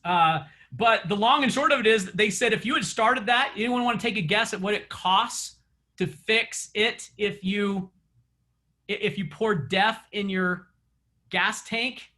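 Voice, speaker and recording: A man with a high, bright voice gives a chatty coaching session, spinning stories and laughing often. He speaks to his group of real estate agents over an online meeting. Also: a little slow.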